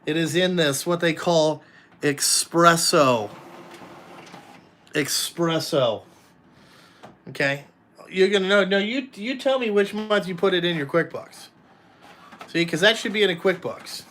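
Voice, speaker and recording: A high-pitched, fairly bright male voice comes through with a little hiss or hum, speaking at normal speed. He's a trucking company owner and vlogger rambling bluntly through a casual live chat, swearing often and addressing his viewers directly.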